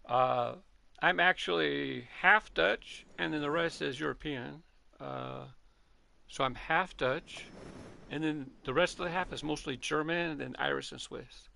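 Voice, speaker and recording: Gravelly, bright-voiced middle-aged man. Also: on the high side, unhurried. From Southern California. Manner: chatty, rambling, self-correcting. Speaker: gaming channel host. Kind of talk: casual gameplay commentary.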